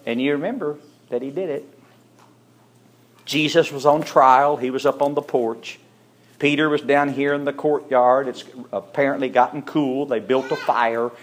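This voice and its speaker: Storytelling preacher, man. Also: medium pitch. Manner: storytelling preacher who acts out the characters' lines. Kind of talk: sermon.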